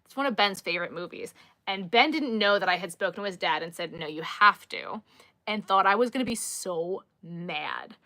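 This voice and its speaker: A young woman from New York, chatting casually with her live viewers, sassy and quick to laugh, talking to her dog in between. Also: on the low side, lively intonation, sharp tone, no room sound. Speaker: livestream host.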